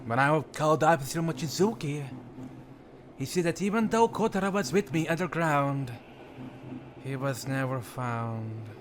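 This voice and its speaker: A man's voice: a little high, normal speed, background noise, lightly acted. A man voicing a frightened young woman trapped underground in a horror game, reading her lines aloud with panicked pleading. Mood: subdued. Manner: panicked pleading and yelling for help.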